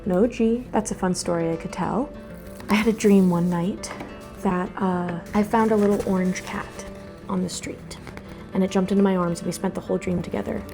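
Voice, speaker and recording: A young woman hosting a relaxed craft vlog, chatting casually and rambling into sudden asides to herself. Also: mid-range voice, normal speed, music in the background. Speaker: host. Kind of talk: casual chat while doing a craft.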